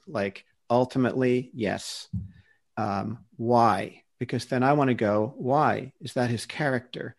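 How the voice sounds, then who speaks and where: A man's voice: mid-range voice, a little slow. Earnest man defending his faith. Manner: earnest, searching for words with frequent restarts. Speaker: guest defending the Christian view. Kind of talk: casual discussion.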